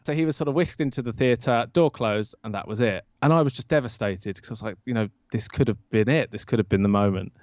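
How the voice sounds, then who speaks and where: A man, a podcast guest and author, telling an anecdote in an interview and acting out the quoted lines with lively jumps in his voice. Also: mid-range voice, fast, few pauses, no echo. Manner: lively storyteller who acts out quoted lines. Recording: dull lo-fi dry sound.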